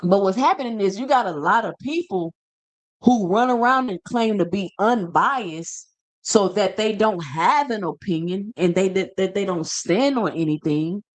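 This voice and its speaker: In an unhurried, high voice with lively intonation, a man hosts a boxing show and rants to camera. It's a casual, emphatic opinion piece, peppered with rhetorical questions and repeated points.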